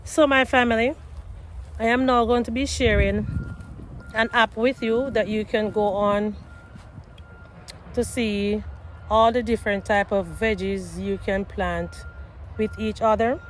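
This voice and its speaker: A woman's voice: medium pitch, fairly even intonation, unhurried, long pauses, a little hiss or hum. A woman gardening vlogger talking viewers through her garden outdoors, chatty and repeating herself. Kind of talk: casual garden tour vlog.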